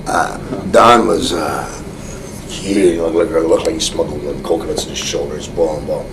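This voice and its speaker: A man as an interview guest, telling a rambling anecdote full of restarts, often chuckling and getting animated. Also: very deep voice, a little slow, noisy background.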